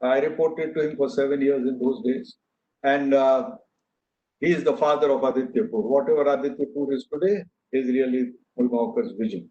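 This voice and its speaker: Older man, earnest storyteller at a podium, mellow voice, muffled echoey hall recording. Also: mid-range voice, fairly even intonation, moderate pace. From India. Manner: anecdotal, earnest, with frequent fillers and restarts. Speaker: speaker giving a talk. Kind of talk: speech to an audience. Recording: echoey hall, dull lo-fi sound.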